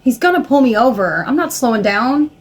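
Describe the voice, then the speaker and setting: A woman voicing a panicky young man who refuses to stop for the police, talking loud, frantic and defiant in a short reenactment. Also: fairly high pitch, expressive, brisk. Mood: panicked.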